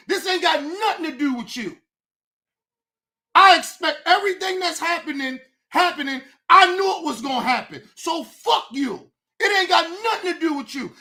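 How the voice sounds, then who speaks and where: Loud, angry, high-voiced woman. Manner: angry, profane, often shouting. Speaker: streamer, show host. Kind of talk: livestream rant.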